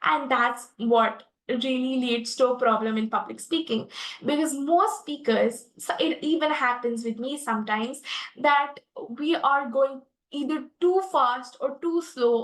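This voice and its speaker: A woman's voice: sits high, fairly bright tone, echoey room, rough recording. A young woman with an Indian English accent teaching a public speaking lesson, earnest and full of fillers and restarts. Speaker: guest expert speaker.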